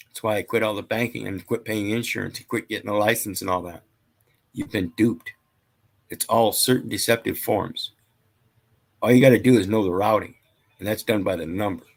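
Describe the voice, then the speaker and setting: A man lecturing casually, reading out statute numbers and scripture in a rambling, preachy way. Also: fairly low pitch. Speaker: channel host.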